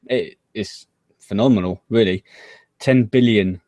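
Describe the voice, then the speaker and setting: A man's voice: fairly low pitch, unhurried, a little mellow, no echo. A man, co-hosting a casual gaming news chat in a dry, laid-back way. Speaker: co-host.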